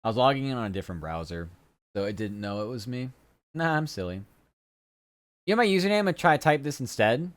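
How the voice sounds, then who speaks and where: A man's voice: mid-range voice, animated, a little fast, pauses often, no room sound. A man streaming, chatting casually and rambling loosely, with the odd swear word. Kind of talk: casual live-stream chat.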